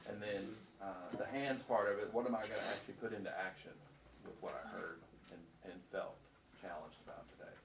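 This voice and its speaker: A man facilitating a group meeting, giving relaxed, practical instructions with many fillers. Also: on the low side, a little fast. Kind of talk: announcements to a group. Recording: distant, roomy, lo-fi with noise.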